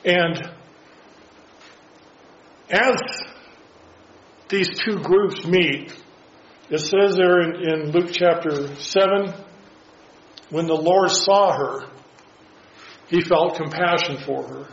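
Male preacher, slightly higher voice, halting delivery, muffled echoey church recording. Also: a little hiss or hum. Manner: halting, with many restarts and rhetorical questions. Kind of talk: sermon.

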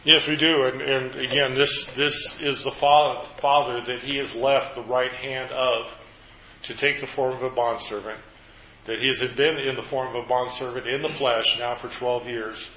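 Bright-voiced man leading a Bible study. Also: mid-range voice, steady tone, moderate pace, muffled recording, slight background noise. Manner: asks the group questions, then recaps answers.

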